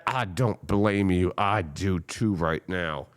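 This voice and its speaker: A man's voice: low-pitched, slow pace, hardly any pauses. A man hosting a podcast, venting about his team in a profane, impassioned casual rant. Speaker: podcast host.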